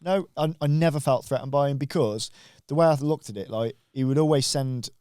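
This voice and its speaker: A man's voice: mid-range voice, a little fast, warm tone, clear, resonant tone, dry recording, studio quality. A young man, a podcast guest telling anecdotes casually and swearing freely. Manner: laughing, swearing, storytelling with quoted voices.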